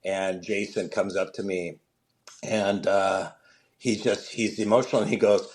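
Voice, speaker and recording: His voice is deep and unhurried. As a comedian being interviewed, he tells energetic stories and imitates the voices of the people who appear in them.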